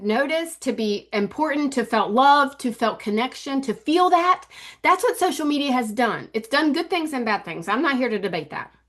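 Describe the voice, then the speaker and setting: A woman in her fifties giving casual social media coaching to camera, emphatic and repeating her key points over and over. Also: on the high side. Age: 50s. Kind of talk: casual teaching talk to camera.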